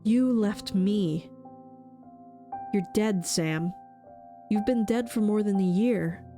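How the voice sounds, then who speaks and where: A woman's voice: mid-range voice, slow, dark tone, faint music behind, close to an everyday voice. A woman voicing a frightened, grieving young wife who begs tearfully. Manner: tearful, begging.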